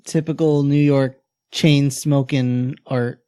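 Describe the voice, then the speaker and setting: A man's voice: medium pitch, fairly even intonation, takes it slowly, dark tone, clear, resonant tone. A man co-hosting a movie podcast, making sardonic asides in casual chat. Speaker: podcast co-host.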